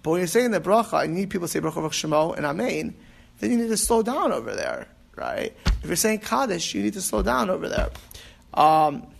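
A man's voice: high-pitched, sing-song, a little fast, vocal fry, faint music behind. A man teaching an informal class on prayer, rambling and restarting with emphatic asides. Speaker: rabbi teaching about prayer.

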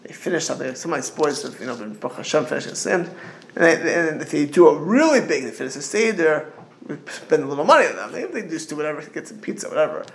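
A man's voice: fairly high pitch, animated, quick pace, creaky, a little hiss or hum. A middle-aged man giving an informal religious talk as a rabbi, rambling and digressive with frequent restarts and storytelling asides.

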